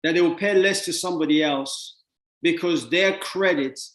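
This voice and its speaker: Man, motivational talk, animated, acts out dialogue, fairly high voice, echoey room. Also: moderate pace. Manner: repeats words, acts out dialogue with other people. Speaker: speaker teaching about money.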